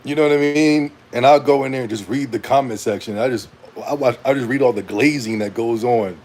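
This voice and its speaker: A young man in a casual rant to camera as a gaming commentator, animated and rambling, with slang and frequent laughs. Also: mid-range voice, a little fast, a little hiss or hum.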